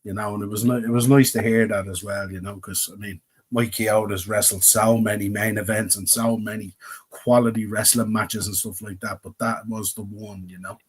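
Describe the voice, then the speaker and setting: A low, husky-voiced Irish man chatting as a podcast co-host. He rambles reflectively and fills his sentences with "you know" as he recalls things. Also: fairly even intonation, normal speed. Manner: rambling, reflective, many fillers. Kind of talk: casual chat.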